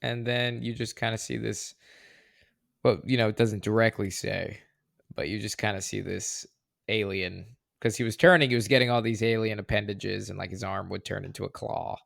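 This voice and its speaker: Gravelly laid-back podcast guy. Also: fairly low pitch, steady tone, moderate pace, fairly bright tone, dry recording, studio quality. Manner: laid-back, joking, says "bro". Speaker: podcast co-host. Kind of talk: casual chat.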